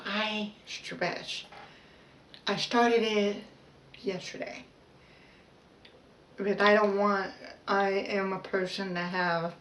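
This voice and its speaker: A woman vlogging a personal self-help talk in a slow, halting, heartfelt way, pausing and restarting as she speaks. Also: mid-range voice, fairly bright tone. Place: outdoors. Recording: roomy echo, voice a bit far from the mic, faint background noise.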